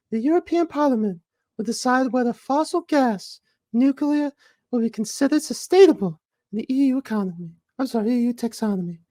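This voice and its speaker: A man putting on a high falsetto voice to mock a young female climate activist. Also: warm tone. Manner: high-pitched mocking falsetto.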